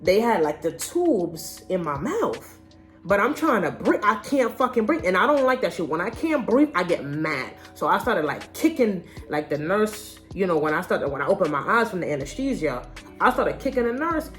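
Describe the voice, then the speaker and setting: A woman's voice: mid-range voice, sing-song, moderate pace, soft background music. A young adult woman telling a personal story in a casual vlog, candid and slangy. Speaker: vlogger.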